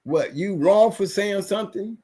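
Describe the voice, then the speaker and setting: A man with a notably high voice holds forth on a livestream. He rants emphatically, often circling back and repeating his points. He has been unwell lately. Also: normal speed, warm tone, slightly rough. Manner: ranting, repetitive, emphatic. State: recovering from illness. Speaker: livestream guest. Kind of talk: casual livestream rant.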